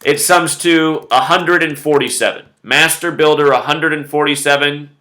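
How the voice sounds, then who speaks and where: A man talks on his own to his viewers in a bright, forward voice that sits a little high. He muses aloud, drifts into asides, and keeps coming back to the same numbers to stress them. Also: steady tone, moderate pace. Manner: conversational, musing asides, repeats numbers for emphasis. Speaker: video host. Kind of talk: solo conspiracy commentary video.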